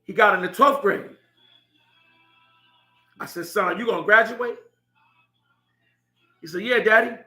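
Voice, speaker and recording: A man's voice: high-pitched, takes it slowly, long pauses, pushed and bright, faint music behind. A middle-aged man telling a heartfelt story about his son, laughing now and then as he speaks. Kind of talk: personal storytelling. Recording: echoey room.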